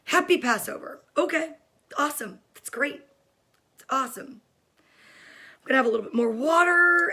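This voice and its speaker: Woman, kids' livestream host, high voice, bright tone, casual home chat. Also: animated, a little slow, long pauses. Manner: upbeat and chatty, greets viewers by name. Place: home room during quarantine.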